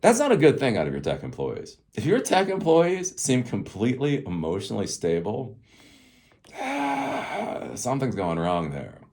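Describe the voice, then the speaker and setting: A man's voice: medium pitch, wildly swooping pitch, a little slow, creaky, a little mellow. A middle-aged man giving casual, sarcastic tech commentary as host, rambling and chuckling often.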